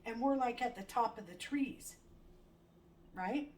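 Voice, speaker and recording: A middle-aged woman chatting casually in her home kitchen while she cooks, telling a story with animated quoted lines and the odd swear. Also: on the high side, measured pace. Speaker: home cooking vlogger. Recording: distant mic, faint room noise.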